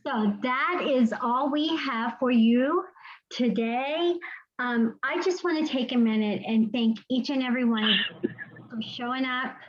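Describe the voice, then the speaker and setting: A woman's voice: high-pitched, a little slow. A woman leading a team video call, emotional and heartfelt. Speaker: team leader. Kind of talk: casual team meeting talk. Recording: dull lo-fi call audio.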